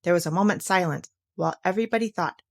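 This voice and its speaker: A woman reading a children's storybook aloud, gentle and expressive. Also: on the low side, fast talker.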